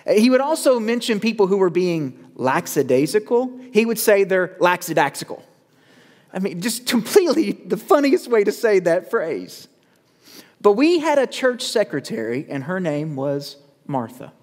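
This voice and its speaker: A male pastor preaching a sermon, measured with dramatic pauses, building to urgent calls. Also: high voice, sing-song, darkish tone. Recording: long reverb of a church hall.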